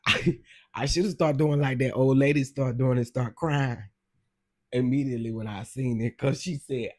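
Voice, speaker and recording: A man's voice: mid-range voice, fairly even intonation, normal speed. A man hosting a casual livestream, gossiping animatedly and exclaiming straight to his viewers. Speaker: livestream host.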